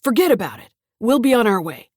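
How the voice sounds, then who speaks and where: A woman voicing a gruff, bullying older grandfather with a violent temper, barking commands in a dry, close recording. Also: fairly high pitch, big pitch swings, a little fast, a little mellow, no room sound. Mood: pushy.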